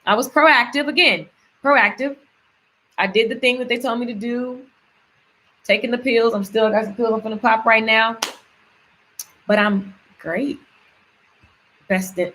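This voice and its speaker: A vlogger with a fairly high voice talks straight to her viewers in a casual, upbeat, chatty way, running through affirmations and everyday stories. Her tone is sharp and her pace moderate, with frequent pauses, and she often repeats a word several times for emphasis. Slight background noise can be heard.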